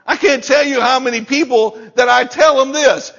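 A man's voice: very high-pitched, moderate pace, gravelly, few pauses, fairly bright tone, muffled recording. A male pastor preaching a sermon, emphatic and repeating key lines, chuckling between points.

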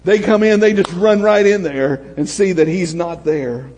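A man preaching a sermon as pastor, swinging from shouts down to hushed storytelling. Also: sits high, fairly even intonation, a little slow, slight background noise. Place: church sanctuary. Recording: long hall reverb.

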